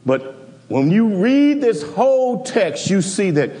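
A male preacher with a high, lively voice that leaps from hushed lows to shouted peaks. He tells the story emphatically and chuckles along the way. His words ring out in a big hall with long reverb. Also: slow. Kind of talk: sermon.

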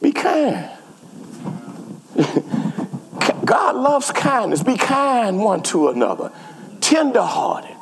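A male pastor delivers a sermon with a high, wide-ranging voice that swings up and down. A rough, gravelly texture runs through his speech as he repeats phrases and urges his congregation on. The sound rings with the long reverb of a church sanctuary. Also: very animated, extremely slow, pauses often, a little hiss or hum. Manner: repetitive call-and-response preaching.

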